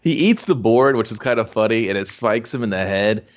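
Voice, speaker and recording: A man co-hosting a casual movie review podcast, rambling in a relaxed way, swearing often and saying dude a lot. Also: lowish voice, a little fast. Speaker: podcast co-host. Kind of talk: casual film review chat.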